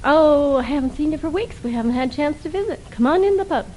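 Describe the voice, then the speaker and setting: A woman's voice: high voice, expressive, fast talker, warm tone, slight background noise, pitched above the performer's own voice, poor audio. A woman voicing a jovial Irish man in a joke, with an attempted Irish brogue.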